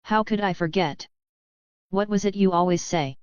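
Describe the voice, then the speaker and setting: A woman's voice: medium pitch, moderate pace, a little mellow, clear, resonant tone, dry recording, lo-fi sound, lightly acted. A woman voicing a bald, muscular male street racer who speaks bluntly and directly in a storybook reading.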